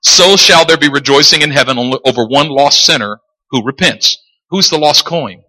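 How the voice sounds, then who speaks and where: A man preaching a sermon in a lively, animated way, joking and acting out characters in the stories he tells. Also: fairly high pitch, moderate pace. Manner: animated, jokes and acts out quoted characters. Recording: long hall reverb.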